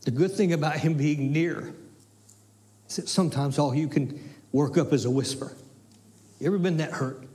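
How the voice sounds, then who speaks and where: A pastor, preaching with emphatic repetition and folksy asides, sometimes dropping to a soft, near-whispered delivery. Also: male voice, a little high, moderate pace, pauses often. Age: 60s. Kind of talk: sermon.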